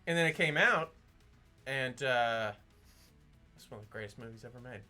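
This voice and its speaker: A man's voice: medium pitch, normal speed, sharp tone, faint music behind. A man co-hosting a casual film podcast, teasing his partner and telling stories. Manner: chatty, teasing, tells stories. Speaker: podcast co-host. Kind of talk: casual chat.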